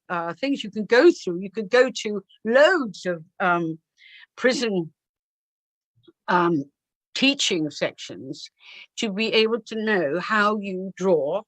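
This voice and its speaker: A woman, a guest author, telling animated anecdotes on a video call and often restarting her sentences. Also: mid-range voice, no room sound. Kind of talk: anecdotal interview talk.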